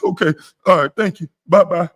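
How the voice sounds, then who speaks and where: Shrill sobbing phone crybaby, high and whiny, pleading, overblown, as a man puts him on. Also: a little fast.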